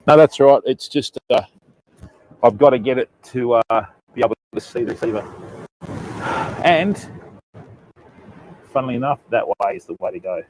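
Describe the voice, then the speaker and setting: A man's voice: mid-range voice, animated, normal speed, pauses often, darkish tone, a little hiss or hum, poor audio. An Australian man chatting casually with viewers on his live stream while fishing outdoors at night, greeting each viewer by name and calling them mate and bud. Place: remote beach at night, outdoors.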